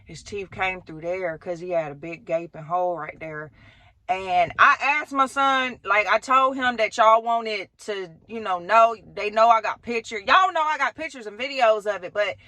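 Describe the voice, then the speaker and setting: A woman, telling a storytime vlog in an animated way, talking straight to her viewers with slang and swearing. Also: medium pitch, normal speed, dry recording. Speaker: vlogger.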